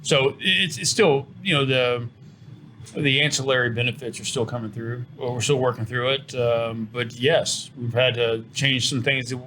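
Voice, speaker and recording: A middle-aged man, a company owner, giving an earnest interview pitch for his business and often repeating words as he restarts. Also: fairly even intonation, normal speed, pushed and bright, a little hiss or hum. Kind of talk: promotional interview talk.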